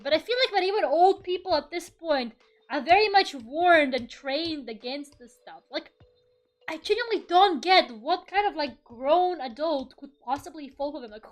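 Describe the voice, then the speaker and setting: High-voiced, swearing young woman streamer. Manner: swears freely, laughs often, rambling. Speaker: VTuber streamer. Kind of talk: casual chat during an art stream.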